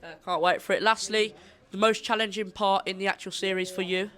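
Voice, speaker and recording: A man working as a reporter, asking brisk, upbeat questions at a premiere interview. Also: high-pitched, flat delivery, sharp tone. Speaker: entertainment reporter. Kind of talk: red-carpet interview questions.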